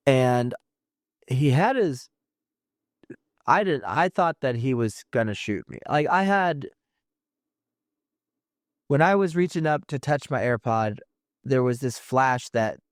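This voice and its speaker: A man tells a personal story, stopping and restarting his sentences as he goes. His voice sits at an ordinary middle pitch. It is recorded close and dry, with no room sound. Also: dry recording. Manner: halting, restarts mid-thought. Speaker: podcast host.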